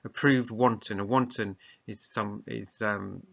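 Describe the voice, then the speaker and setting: A man's voice: fairly low pitch, fairly even intonation, measured pace, gravelly. A male teacher giving a recorded lesson, explaining tasks plainly and often hesitantly. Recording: muffled lo-fi recording.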